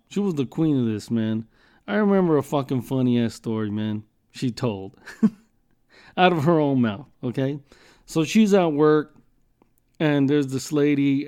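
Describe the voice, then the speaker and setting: A man's voice: on the high side, darkish tone. A man hosting a podcast, telling rambling jokey stories in a casual, profane way. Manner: profane, rambling, joking storyteller. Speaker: podcast host.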